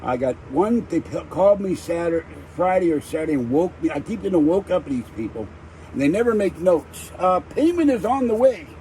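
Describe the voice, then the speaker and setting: A man's voice: on the high side, expressive, brisk, warm tone, a little hiss or hum, poor audio. An older man hosting a livestream, ranting irritably in a rambling casual chat. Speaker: livestream host.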